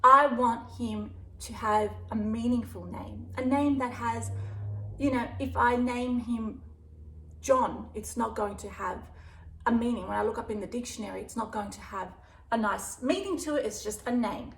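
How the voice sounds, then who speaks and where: An Australian woman talks casually to camera, wandering from point to point. Her voice sits a little high. The room is echoey, with a faint hiss behind her. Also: normal speed, fairly bright tone. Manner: rambling, chatty, breaks off to talk to her dog. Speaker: dog vlogger. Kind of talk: casual vlog chat.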